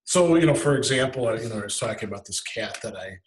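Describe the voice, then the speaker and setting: A man talks through a philosophical idea as a podcast guest, restarting phrases as he works it out. His voice has a middle pitch and an easy conversational flow. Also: animated, fast talker, a little hiss or hum, poor audio. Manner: thinks aloud, explaining with frequent restarts. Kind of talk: casual conversation.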